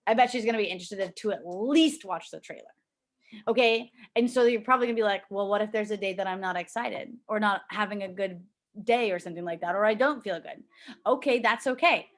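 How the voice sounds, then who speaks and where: A young woman gives a casual pep talk to her sales team from home. She is chatty, says "like" constantly, and slips into lively acted-out voices when she quotes people. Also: mid-range voice, a little fast. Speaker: team leader coaching a sales team. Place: at home with a child nearby.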